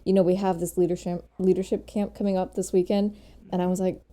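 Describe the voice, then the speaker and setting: A woman's voice: lowish voice, level tone, quick pace, mellow. A woman co-hosting a podcast, talking candidly and reflectively about herself in casual chat. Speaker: podcast co-host, color guard director.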